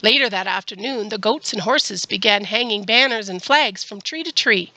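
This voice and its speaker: A woman's voice: mid-range voice, moderate pace, bright, forceful tone, no room sound. A woman librarian leading a children's storytime, reading a picture book aloud and asking the children coaxing questions.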